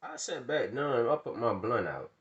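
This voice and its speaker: A man telling a funny personal story in casual slang, acting out the dialogue and bursting into loud rants. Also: mid-range voice, very animated, moderate pace, dull audio.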